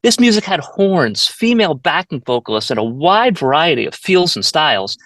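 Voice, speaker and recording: A male talk-show host with a higher pitch and a very lively, animated delivery reads out long, detailed questions. His voice sounds dry and close, with no room around it. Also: moderate pace, no room sound. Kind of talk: scripted interview questions.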